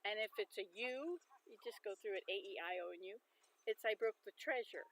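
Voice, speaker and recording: A woman's voice: medium pitch, fairly quick, fairly bright tone, rough recording. A woman hosting a casual livestream, chatting and musing aloud as she sounds out words. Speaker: livestream host.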